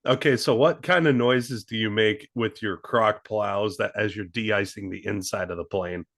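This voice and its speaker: A laid-back man with a fairly low voice trades jokes on a comedy sports podcast. He laughs easily and drops dry asides. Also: steady tone, normal speed, fairly bright tone. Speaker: podcast co-host.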